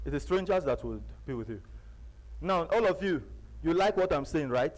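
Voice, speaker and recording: Nigerian male seminar speaker, fairly high voice, repetitive, hammering points loud then dropping low. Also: animated, moderate pace, rough recording. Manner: emphatic, repetitive, preacher-like; swings from loud bursts to quiet asides. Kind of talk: live motivational seminar talk. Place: seminar venue.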